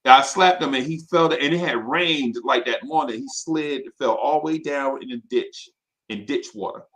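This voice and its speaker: A man telling personal stories in casual chat, animated and full of fillers and asides. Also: mid-range voice, normal speed.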